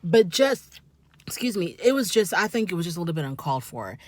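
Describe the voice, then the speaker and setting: A woman commenting on a reality show in a casual, animated way, often scolding the people on it directly. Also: fairly low pitch, fairly quick, no echo. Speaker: reality TV reviewer.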